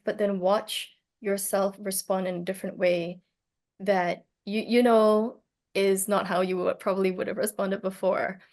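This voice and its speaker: A woman telling a personal story in casual talk, reflective and hesitant, with many fillers and restarts. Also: medium pitch. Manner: reflective, gently animated when telling a story. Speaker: speaker on plant medicine.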